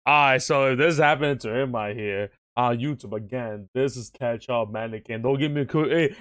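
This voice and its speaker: A man hosting a casual reaction video, excitable and slangy, firing off quick exclamations. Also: medium pitch.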